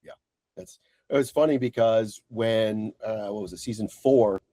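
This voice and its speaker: A man's voice: on the low side, unhurried, no room sound. A man co-hosting a casual podcast, telling stories with lots of swearing and acted-out quotes. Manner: animated storyteller, swears freely. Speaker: podcast co-host. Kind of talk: casual chat.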